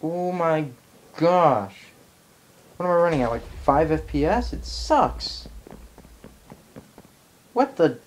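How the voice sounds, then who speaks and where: A man's voice: fairly high pitch, sing-song, slow pace, long pauses, rough recording. A man giving live gameplay commentary as a channel host, ranting in exasperated outbursts while annoyed.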